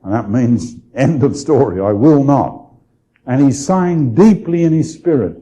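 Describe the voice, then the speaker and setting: A man with a very dark, mellow voice teaches scripture as a bishop in a relaxed lecture. He takes his time, restarts his phrases and turns to his listeners with quick questions. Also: medium pitch, rough recording. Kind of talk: conversational Bible study lecture.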